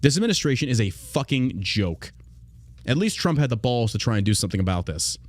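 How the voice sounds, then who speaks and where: A man's voice: mid-range voice, very animated, fairly quick, no room sound. A man hosting a political podcast, reading news aloud and ranting in a heated, profane way. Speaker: podcast host.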